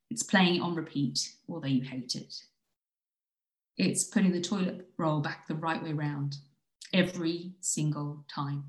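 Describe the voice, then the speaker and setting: A woman reading her own spoken-word poem in a slow, soft, intimate way. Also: fairly low pitch, fairly even intonation, echoey room, poor audio. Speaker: writer reading her piece.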